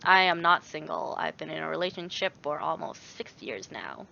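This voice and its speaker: A young woman talks through a relaxed livestream chat, circling her thoughts with fillers and stopping to read viewer messages. Her voice is bright and forward. The audio sounds a little dull and lo-fi. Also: low-pitched, moderate pace, gravelly, a little hiss or hum. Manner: rambling, many fillers, reads viewer messages aloud. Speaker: YouTuber answering chat.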